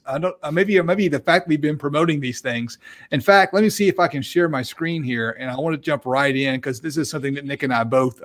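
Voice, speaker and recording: Chatty man hosting a live podcast. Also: a little high. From American South. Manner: chatty, self-deprecating, reads out viewer comments. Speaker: podcast host. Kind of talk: casual live-stream chat.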